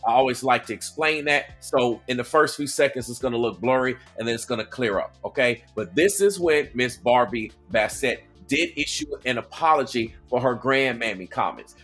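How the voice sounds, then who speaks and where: Southern man from Atlanta, reaction host, talks casually and keeps checking in with the listener over soft background music. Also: mid-range voice. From Atlanta, Georgia. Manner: conversational, checks in with "okay?" and "right?". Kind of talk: casual commentary.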